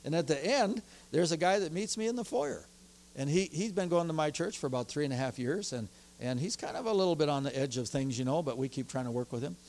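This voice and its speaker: A man preaching a sermon as pastor, telling stories from his church in an animated way and growing excited as he goes. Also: a little high, quick pace. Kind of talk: sermon with personal storytelling.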